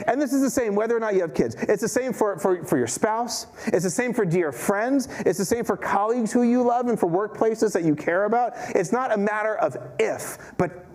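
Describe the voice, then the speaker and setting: Storytelling rabbi, a man, slightly high. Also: expressive, a little fast, hardly any pauses, darkish tone. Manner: storytelling, self-mocking, acts out quotes. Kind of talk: sermon. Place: synagogue chapel.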